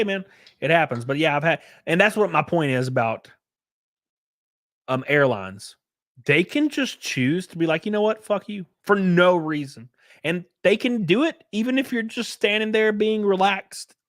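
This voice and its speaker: Male streamer, raised pitch, dry close mic, casual and profane. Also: a bit bright, dry recording. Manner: profane, laid-back storytelling. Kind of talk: casual livestream chat.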